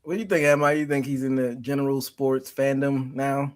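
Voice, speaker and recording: A man's voice: mid-range voice, fairly even intonation, brisk. Man hosting a casual podcast chat. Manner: asks questions, pushes back conversationally. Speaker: podcast host.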